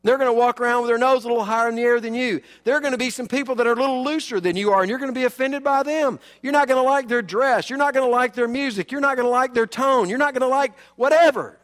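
A man pastor preaching a sermon, animated and emphatic, swinging between loud and quiet. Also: extremely high pitch, fast talker, few pauses, big-room sound.

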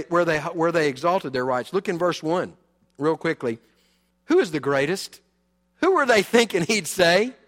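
A man pastor preaching a sermon, animated and emphatic, swinging between loud and quiet. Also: high-pitched, in a large hall.

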